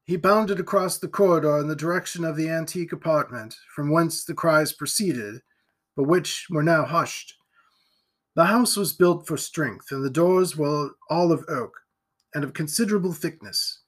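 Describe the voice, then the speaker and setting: A man reading a gothic novel aloud in steady, even storytelling narration. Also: fairly high pitch, normal speed. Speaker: audiobook reader.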